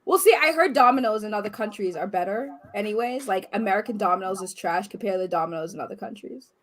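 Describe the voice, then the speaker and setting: A woman's voice: medium pitch, expressive, fast. A young American woman with a Boston accent, chatting casually, swearing freely and laughing easily. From Boston area, US. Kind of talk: casual chat.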